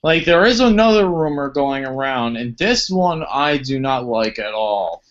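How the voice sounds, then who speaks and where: A man's voice: mid-range voice, unhurried, a crowd in the background. Man reading gaming news on a podcast. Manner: steady, reads out articles. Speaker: podcast host. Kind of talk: casual chat, reading news. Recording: dull lo-fi sound.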